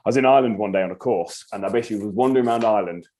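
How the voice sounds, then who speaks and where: A man, a podcast guest telling a story in casual chat, animated and swearing freely. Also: lowish voice, rapid-fire, a little hiss or hum. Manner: animated, swears freely, acts out his own reactions.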